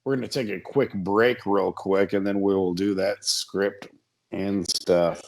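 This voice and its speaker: A man's voice: on the low side, expressive, takes it slowly, vocal fry. A young man hosting a comedy podcast, joking crudely and laughing often. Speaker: podcast host. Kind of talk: casual comedy podcast chat.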